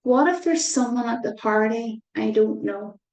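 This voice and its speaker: A woman's voice: a little high, steady tone, moderate pace, darkish tone, natural voice. A woman voicing a worried little boy in a storybook who keeps asking anxious what-if questions. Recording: roomy echo.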